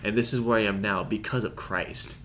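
A man's voice: lowish voice, steady tone, a little fast, a bit bright, slight background noise. A man co-hosting a casual theology podcast, talking earnestly and reflectively. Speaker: podcast co-host. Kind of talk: casual chat.

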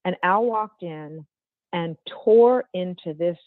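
Older woman guest, low strong voice, emphatic storyteller, thin phone-like sound. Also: no room sound. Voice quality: strong, not dainty voice. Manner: measured, emphatic, precise phrasing. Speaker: guest, former football executive. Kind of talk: storytelling interview answer. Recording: tinny phone-like remote line.

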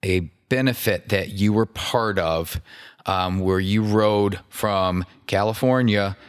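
Low-voiced man hosting a casual interview. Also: takes it slowly, clean tone. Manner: easygoing, brief prompts and backchannels. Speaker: interviewer, host.

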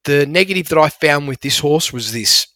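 A man's voice: a little high, animated, normal speed, pushed and bright, dry recording. A man, breaking down horse racing form with enthusiastic, emphatic analysis. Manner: enthusiastic, emphatic about figures.

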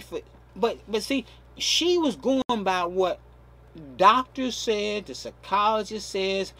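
A man's voice: high-pitched, bright, forceful tone. A man preaching a sermon, stressing key words and stretching them out, often repeating himself. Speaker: pastor.

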